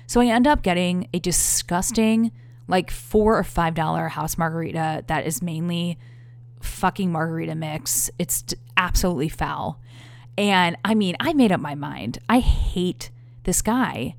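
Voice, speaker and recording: A woman's voice: on the low side, a little slow, vocal fry. A woman in her thirties telling a story to her viewers in a candid, profane, exasperated way. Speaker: vlogger. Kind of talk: casual storytelling to camera.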